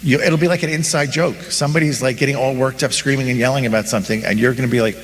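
A man's voice: mid-range voice, steady tone, racing. A male Catholic priest talks his congregation through a story in an easy, conversational sermon, playing out little dialogues as he goes. His voice carries a long reverb from a large hall, with a faint hum of noise underneath. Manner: storytelling, acts out imagined dialogues.

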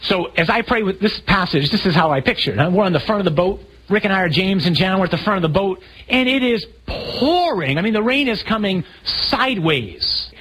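A priest giving a sermon to a group of men, animated, asking rhetorical questions and acting out the scene he describes. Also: high-pitched, a little fast, hardly any pauses, breathy edge, rough recording. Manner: acts out scenes vividly.

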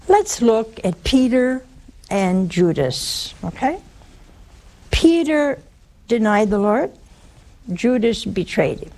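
A woman preaching in a lively, talk-to-you-directly style, her somewhat high voice leaping up and dropping low for emphasis. She swings between hushed asides and emphatic points. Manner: conversational, dramatic swings in pitch, drops to hushed asides. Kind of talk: sermon to a live and broadcast audience.

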